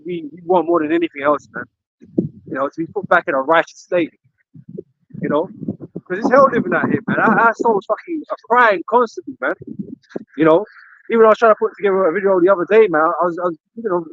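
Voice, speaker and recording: A man's voice: high voice, a bit bright, dry recording, dull audio. A man speaking heatedly in a religious camp talk, cursing and ending lines with "man" and "you know". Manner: angry, profane, repeats "man" and "you know".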